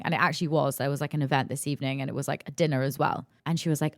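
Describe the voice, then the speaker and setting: A young woman hosting a podcast, telling a story in a lively, emphatic rush and cursing freely. Her voice sits a little low for a woman. The sound is dry, with no room echo. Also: racing, hardly any pauses. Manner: animated, emphatic, swears freely. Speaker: podcast host. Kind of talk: casual storytelling.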